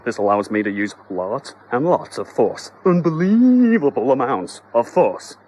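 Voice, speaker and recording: A man's voice: medium pitch, big pitch swings, unhurried, a little mellow, husky. A man voicing a cocky, tough male pest exterminator with swaggering action-hero talk. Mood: grave.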